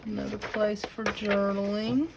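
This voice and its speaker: A woman with a Southern US accent showing a crafted notebook to her camera at home, gushing with admiration and slipping into breathy asides. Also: mid-range voice, little pitch movement, a little slow, background noise. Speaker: craft channel host. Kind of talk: casual unboxing show-and-tell.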